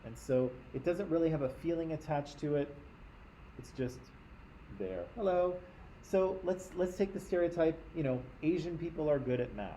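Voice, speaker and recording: A man's voice: on the high side, normal speed, dark tone, slight background noise, low-quality recording. A man from Canada, teaching a class in a conversational lecture and often checking in with his listeners.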